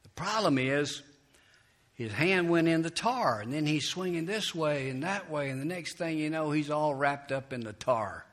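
A male pastor preaching a sermon and leading prayer, telling stories in an animated way that builds to loud, emphatic peaks. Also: a little high, moderate pace.

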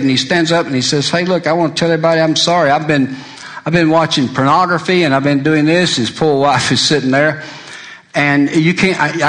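A man preaching a sermon in a bright, forceful voice. His pitch swings widely as he builds to emphatic peaks. He then sinks into hushed intensity to quote old-fashioned scripture. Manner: animated, swings between loud emphasis and quiet intensity.

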